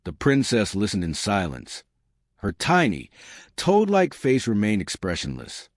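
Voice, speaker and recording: A man narrating an audiobook in a measured reading style. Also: fairly low pitch, wildly swooping pitch, dry recording, studio quality. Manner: measured reading, giving characters their own voices. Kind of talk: scripted narration.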